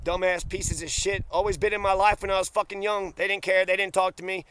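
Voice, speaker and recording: Man, angry profane ranter, smooth clear high voice. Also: flat delivery, a little fast, fairly bright tone, no echo. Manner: bitter, profane, accusatory. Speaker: vlogger. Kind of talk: angry personal rant.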